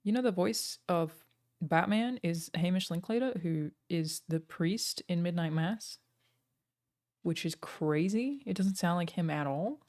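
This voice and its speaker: A young woman chats loosely with her stream viewers and answers their questions as they come in. Her voice sits slightly low for a woman. She leans on "like" and "um" as she thinks aloud. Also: a little slow, a little mellow. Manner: chatty, full of "like" and "um" fillers. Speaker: streamer and game writer. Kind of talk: casual live-stream chat answering chat questions.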